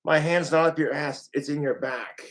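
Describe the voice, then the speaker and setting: A man's voice: fairly high pitch, steady tone, moderate pace, fairly bright tone. A man hosting his comedy channel, scolding and joking with a puppet. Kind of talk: comic ventriloquist banter.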